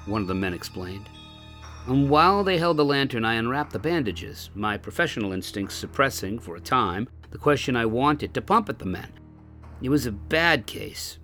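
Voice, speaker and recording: Expressive male storyteller, lively pitch. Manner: expressive, old-fashioned storytelling. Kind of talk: first-person story reading.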